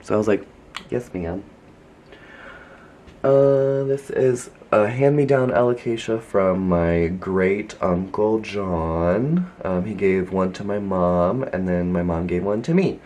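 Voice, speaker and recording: A man with a somewhat low voice talks through a casual tour of his home plant collection. He gushes, chats freely and fills his sentences with "like". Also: a little slow, few pauses, warm tone. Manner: gushing, chatty, frequent "like". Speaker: plant vlogger. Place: home filled with houseplants.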